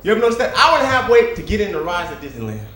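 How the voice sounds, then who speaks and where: A man performing a stand-up comedy set on a club stage, telling stories and acting out characters with loud outbursts. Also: high-pitched, very fast, roomy sound. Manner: animated storytelling, acts out characters with loud outbursts. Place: comedy club stage before a live audience.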